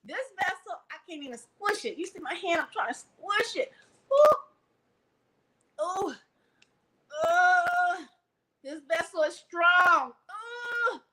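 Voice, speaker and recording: A woman's voice: very high voice, sharp tone, low-quality recording. A woman vlogger talking animatedly on a livestream, preachy and theatrical, acting out little scenes with props.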